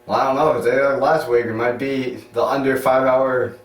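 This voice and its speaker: Co-host, man, dry sarcastic one-liners, mid pitch, echoey room, away from the mic. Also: flat delivery, normal speed. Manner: dry, sarcastic, short replies. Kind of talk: casual chat. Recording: roomy sound, mic at a distance.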